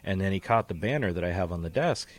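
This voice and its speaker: A man's voice: low voice, expressive, fast talker. A man co-hosting a casual podcast, rambling and profane, often trailing into tangents and laughing at himself. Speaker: podcast co-host.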